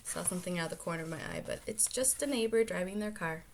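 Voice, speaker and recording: A woman reading a children's storybook aloud as a storytelling aunt, lively, stopping for chatty asides and quick self-corrections. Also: fairly low pitch, background noise. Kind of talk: reading a picture book aloud.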